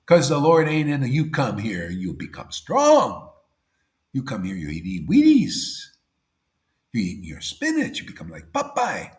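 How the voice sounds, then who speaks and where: A man giving a devotional sermon in a casual way, saying 'see' and 'man', and swinging between loud emphasis and near-whispers. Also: medium pitch, huge pitch swings, measured pace, roomy sound. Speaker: spiritual teacher.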